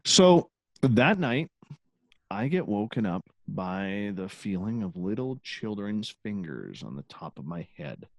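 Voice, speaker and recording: A man's voice: on the low side, very animated, slow pace, no echo. A man, a guest who hosts his own radio show, telling a personal story in a casual, candid interview with occasional swearing.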